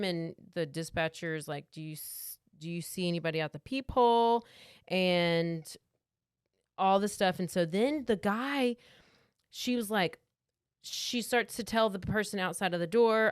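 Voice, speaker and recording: This woman's lowish, clear, resonant voice takes its time in a dry, studio-quality recording. She's chatting on a podcast she co-hosts, spinning a true crime tale full of "like"s and performed quotes.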